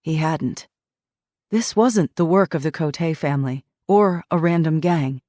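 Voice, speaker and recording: Low, slow woman audiobook narrator. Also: dry recording, studio quality. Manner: even, measured thriller reading.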